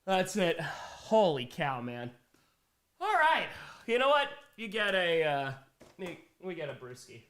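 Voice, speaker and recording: A young man chats casually on his livestream with a high, bouncy voice that swings all over. His tone is bright, and he rambles, giggling between thoughts as he thanks viewers. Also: very animated, unhurried. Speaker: livestream host.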